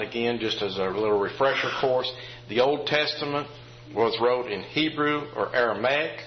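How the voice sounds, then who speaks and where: Male preacher, steady mid-pitched voice, dull lo-fi recording with faint hum, plain repetitive teaching delivery. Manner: plain, repetitive teaching with frequent "okay?" check-ins. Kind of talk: sermon teaching.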